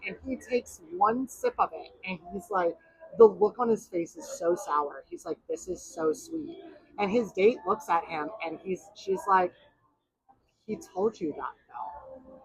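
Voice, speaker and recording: A woman podcast host and bartender telling blunt, animated bar stories in casual chat. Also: a little high, breathy edge, rough recording. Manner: blunt and animated storyteller, swears freely.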